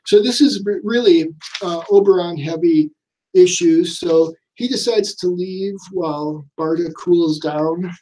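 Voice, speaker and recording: A man talks casually through a comic book, rambling and pausing with lots of ums and uhs. His voice sits fairly high for a man. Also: mellow, poor audio. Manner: rambling, many fillers. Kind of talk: casual chat.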